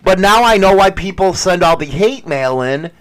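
A man's voice: high voice, expressive, moderate pace, fairly bright tone. A middle-aged man hosting a podcast in casual chat, blunt and profane in how he talks. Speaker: podcast host.

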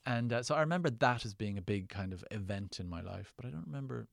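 Gravelly, wry Irish man telling stories. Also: fairly low pitch, lively intonation, fast talker, no echo, studio quality. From Ireland. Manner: rambling, wry, self-deprecating, with restarts. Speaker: guest, actor and writer. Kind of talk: casual interview storytelling.

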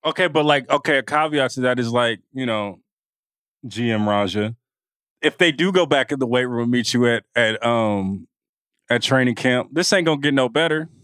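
A man's voice: medium pitch, normal speed, fairly bright tone, smooth, no room sound, clean studio sound. A man co-hosting a casual sports podcast, easygoing and teasing, with slangy speech. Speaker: podcast co-host.

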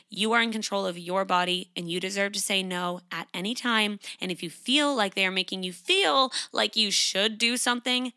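Frank, bright-voiced young woman podcaster. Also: medium pitch, moderate pace, few pauses, no room sound, clean studio sound. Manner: frank and emphatic, with animated quoted voices. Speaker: podcast host. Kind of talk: casual solo podcast talk.

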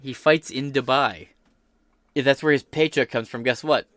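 A man's voice: medium pitch, fairly even intonation, moderate pace, a bit bright, no room sound. An American man hosting a podcast, giving blunt, profane and sarcastic political commentary while reading headlines aloud. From United States. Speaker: podcast host.

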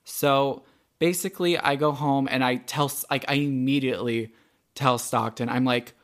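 An animated young man spinning a story on a casual podcast, his voice at a middling pitch. He talks loosely, peppering it with fillers and the odd curse. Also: normal speed. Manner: animated, swears freely, lots of fillers. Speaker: podcast co-host.

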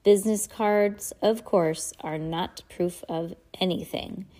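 A woman's voice: medium pitch, slow, warm tone, close to an everyday voice. Woman putting on a prim, fretful old widow. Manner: prim, fretful and easily flustered. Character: fussy nervous elderly widow.

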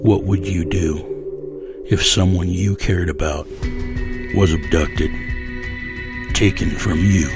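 A man voicing a grim vigilante for a promo, speaking slowly and menacingly. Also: sits low, steady tone. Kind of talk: dramatic promo voice-over. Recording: voice over loud music. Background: loud music, singing bowl.

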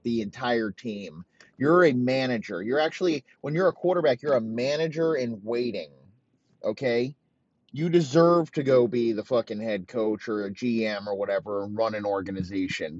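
Brief: a male sports-show host ranting and cursing at length; he rambles, his pitch is middling, and the recording sounds dull and lo-fi. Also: darkish tone, no room sound. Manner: rambling, heavy swearing. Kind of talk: profane sports rant.

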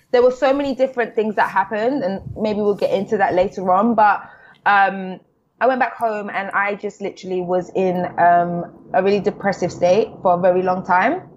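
A woman's voice: mid-range voice, moderate pace, lo-fi sound. A young woman with a South London accent, talking candidly as a podcast guest in casual chat, with slang and lots of fillers. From England.

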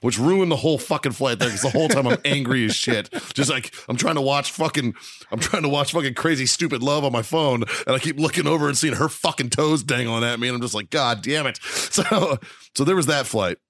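A man's voice: mid-range voice, brisk, a bit bright, no room sound. Profane rambling male podcast host, dry studio. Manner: rambling, profane, laughs through stories. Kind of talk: casual profane storytelling.

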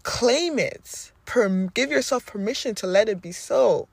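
A woman's voice: fairly high pitch, lively intonation, measured pace, creaky, hardly any pauses, husky, no room sound. Woman speaking rhythmic faith affirmations. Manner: rhythmic affirmations, emphatic repetition. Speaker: podcast host.

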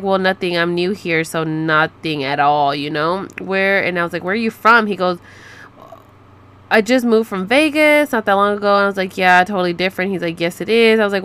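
A woman's voice: fairly low pitch, fairly bright tone, clean tone. A woman in her thirties telling a story in a casual, sassy way, reading out chat messages with profane asides. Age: 30s. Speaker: vlogger. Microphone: close to the mic.

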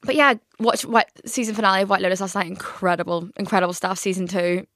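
A young woman hosting a podcast, telling stories in a chatty, rambling way full of fillers and lively quoted asides. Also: medium pitch, fast, dry recording, studio quality. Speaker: podcast host. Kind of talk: casual chat.

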